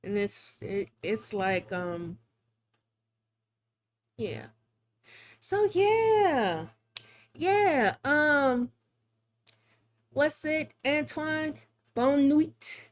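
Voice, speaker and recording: A woman's voice: sits high, big pitch swings, drawn-out words, pauses often. A woman streaming live while drawing, chatting casually in a rambling, chatty way with frequent laughs. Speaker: live-streaming digital artist.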